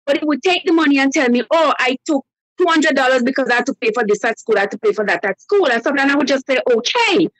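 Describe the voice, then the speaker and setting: Woman caller, high voice, dry close sound, lively storyteller who acts out the quotes. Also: fast talker, dry recording, poor audio. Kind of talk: telling a personal story on a live call-in show.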